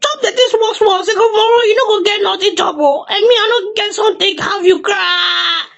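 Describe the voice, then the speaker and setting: A woman's voice: very high voice, fairly quick, vocal fry, a bit bright, full character voice. A woman voicing a scolding animal, speaking with a Nigerian Pidgin accent in an exasperated way. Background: music.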